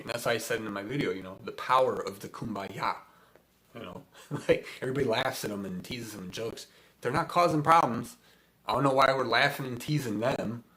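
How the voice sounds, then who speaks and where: A man's voice: medium pitch, a bit bright. A man hosting a casual spiritual talk, rambling with many fillers and frequent chuckles. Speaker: spiritual host.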